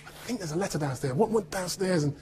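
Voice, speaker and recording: A man from Birmingham with a neutral standard British accent, telling stories to students in an animated way, laughing and acting out what people said. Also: high voice, quick pace. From Birmingham, England. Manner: animated storytelling with laughter and acted-out quotes. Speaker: actor speaking to students. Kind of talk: anecdotal speech to students.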